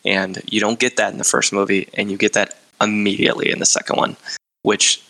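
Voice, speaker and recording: A man with a low, gravelly voice that still sounds bright and forceful. He hosts a casual podcast chat and talks in a relaxed, joking way as he rounds off the discussion. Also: fairly quick. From Michigan. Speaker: podcast host.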